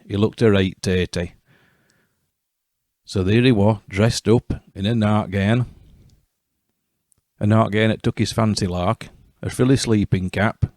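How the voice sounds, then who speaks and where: A man's voice: lowish voice, darkish tone, dry recording, studio quality. A man telling a fairy tale in broad Yorkshire dialect, with wry asides to the listener. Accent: West Riding Yorkshire. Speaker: storyteller.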